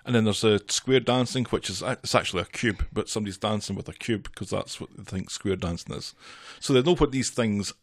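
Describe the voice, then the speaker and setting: Brisk man co-hosting a podcast. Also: on the low side, no room sound, studio quality. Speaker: podcast co-host. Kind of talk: casual episode recap chat.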